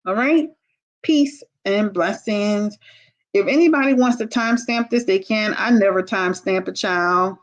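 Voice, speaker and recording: A woman streams a tarot reading live, addressing viewers as "y'all" in a blunt, candid, casual way. Her voice is mid-range and her pace measured, though the recording sounds muffled.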